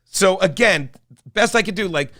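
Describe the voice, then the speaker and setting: A man's voice: high voice, lively intonation, normal speed, bright, forceful tone, dry recording, studio quality. A middle-aged man from South Jersey, a comedian and guest co-host telling a long, rambling story with lots of profanity, laughing as he talks. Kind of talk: casual storytelling chat.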